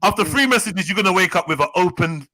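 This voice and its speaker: A man's voice: high-pitched, lively intonation, quick pace, a crowd in the background. A man bantering and teasing guests in a casual online talk stream. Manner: teasing, repetitive. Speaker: host.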